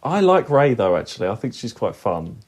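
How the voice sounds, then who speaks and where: A man's voice: on the low side, very animated, brisk. A man co-hosting a podcast in casual chat, chatty and giggly, often searching for words. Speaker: podcast co-host.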